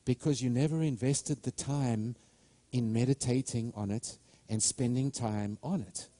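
A middle-aged male preacher with a mellow, warm voice, recorded close and dry. He preaches with fervor, doubling back on words and acting out imagined doubters. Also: mid-range voice, a little slow, dry recording. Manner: fervent, repeats and restarts words, quotes imagined voices. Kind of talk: sermon.

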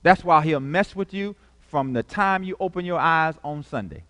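A man's voice: on the high side, animated, normal speed, hardly any pauses, bright, forceful tone, long reverb tail. A male pastor preaching a sermon, calling out questions to the congregation and repeating key phrases.

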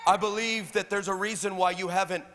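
High, bright-voiced preaching man. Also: fairly quick. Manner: energetic, humorous, builds to shouting. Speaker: pastor. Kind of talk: sermon. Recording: echoey hall, faint background noise.

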